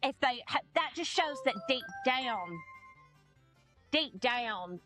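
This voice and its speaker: A woman's voice: sits high, lively intonation, takes it slowly, sharp tone, faint music behind. Chatty woman recapping a show. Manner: chatty plot recap full of "like" and "you know". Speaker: podcast co-host. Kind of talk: casual chat.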